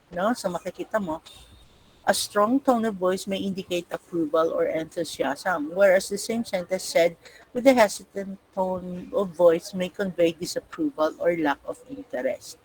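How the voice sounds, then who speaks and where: A woman's voice: lowish voice, a little mellow, low-quality recording. A woman teacher with a Filipino accent, giving an online class lecture step by step and often checking in with her students. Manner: explains step by step, often adds a questioning "no?" to check students follow. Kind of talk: online class lecture mixing English and Tagalog.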